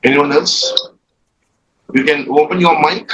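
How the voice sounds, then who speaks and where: A man's voice: a little high, fairly even intonation, measured pace, a bit bright, slight background noise, poor audio. A man with an Indian English accent leading an online group training, explaining step by step and repeating his thanks. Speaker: NLP trainer.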